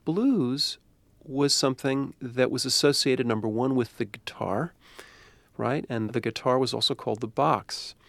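A man's voice: mid-range voice, measured pace, creaky, fairly bright tone, dry recording. A man, a university professor, answering interview questions in a thoughtful, discursive way.

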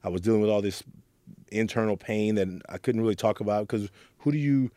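A man's voice: fairly low pitch, brisk, dark tone, no echo, clean studio sound. A man from Oakland, telling his story as an interview guest in an earnest, reflective way and sometimes acting out the voices he quotes. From Oakland, California. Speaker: guest, youth mentor.

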